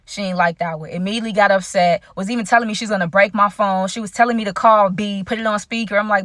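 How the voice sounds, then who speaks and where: A woman vlogger telling a personal story to her viewers in a lively, slangy way, addressing them directly. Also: medium pitch, quick pace, no echo, studio quality. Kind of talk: storytime vlog.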